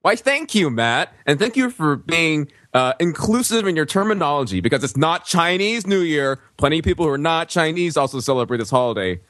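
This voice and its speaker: A man's voice: a little high, sing-song, fairly quick, few pauses, a bit bright, no echo. Playful, chatty man on a panel. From Korean heritage. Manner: chatty, playful, self-deprecating. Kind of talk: casual podcast chat.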